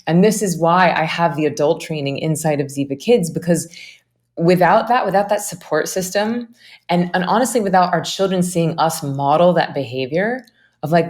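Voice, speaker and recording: A woman's voice: lowish voice, normal speed, darkish tone. A woman meditation teacher, a podcast guest talking earnestly in a casual interview and acting out quoted voices as she goes.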